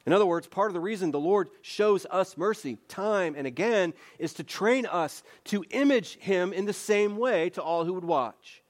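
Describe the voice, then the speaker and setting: A man's voice: high-pitched, moderate pace, hardly any pauses. A man preaching a sermon as pastor, earnest and emphatic, with repeated phrases and conversational rhetorical questions.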